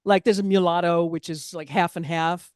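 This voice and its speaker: A woman's voice: fairly low pitch, fairly even intonation, moderate pace, a little mellow, clean tone, dry recording, clean studio sound. A woman performing a stand-up comedy set, chatty and self-deprecating, with asides to the audience.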